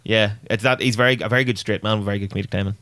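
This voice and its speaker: A man's voice: on the low side, steady tone, rapid-fire, sharp tone, no echo. A man, co-hosting a podcast in casual chat, with dry, jokey, rambling asides. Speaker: podcast co-host.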